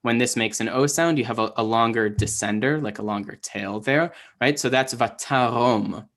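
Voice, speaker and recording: A young man teaching Hebrew in a relaxed online lesson, explaining pronunciation with many fillers and restarts. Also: medium pitch, normal speed.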